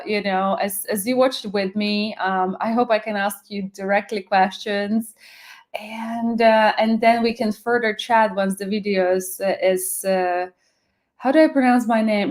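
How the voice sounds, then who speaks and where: A woman from Slovakia with a Slovak accent chats casually on a live stream. She rambles, greets viewers by name and fills gaps with "um" and "uh". Her voice sits at an ordinary middle pitch.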